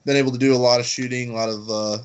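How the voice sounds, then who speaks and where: A young man, just out of college, chatting on a podcast in an easygoing, relaxed way. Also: mid-range voice, racing, clear, resonant tone, lo-fi sound. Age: young adult. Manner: easygoing, relaxed, laughs lightly. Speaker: podcast guest. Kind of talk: casual chat.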